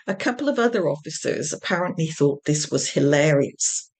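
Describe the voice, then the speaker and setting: A woman, an author, reading an extract from her own comic novel in a deliberate, wry narrating manner. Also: deep voice, animated, a little mellow, slightly rough.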